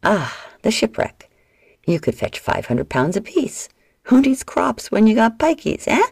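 A woman's voice: a little high, sing-song, measured pace, creaky, breathy edge, no echo, clean studio sound, voice pushed up, heavily acted. A woman voicing a cruel, portly male slaver who jeers, drawls and bellows orders. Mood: gloating.

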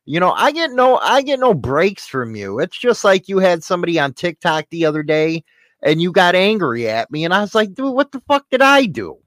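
A man's voice: high-pitched, big pitch swings, a little fast, fairly bright tone, no room sound. Guy hosting a podcast, swears a lot, jokey, dry close sound. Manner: blunt, profane, joking. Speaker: podcast host. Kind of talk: casual banter.

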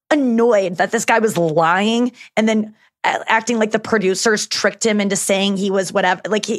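A woman chatting on a podcast in a rambling, candid way. Her voice sits at an everyday middle pitch. She tells stories freely, with plenty of filler words and the odd swear. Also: no echo, studio quality. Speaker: guest, show host. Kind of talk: casual podcast chat.

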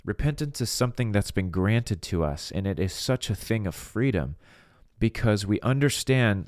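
A man's voice: on the low side, lively intonation, normal speed, a little mellow, no room sound, studio quality. A man preaching a podcast sermon in an earnest, emphatic way, often restarting his words and acting out people's inner voices.

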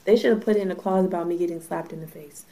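A woman's voice: lowish voice, fast, a crowd in the background. Blunt, profane woman in casual chat. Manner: blunt, profane, hedges with "I don't know".

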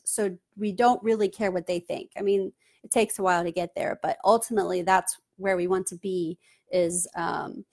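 A woman hosting her own channel, talking through advice in an earnest, conversational way with many fillers. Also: mid-range voice. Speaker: channel host giving advice. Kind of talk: casual advice talk to camera.

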